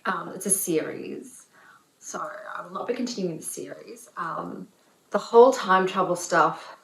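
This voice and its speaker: A woman reviewing books in a casual vlog, talking in an opinionated, animated way with lots of fillers. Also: lowish voice, a little slow, vocal fry. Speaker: book reviewer. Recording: roomy echo.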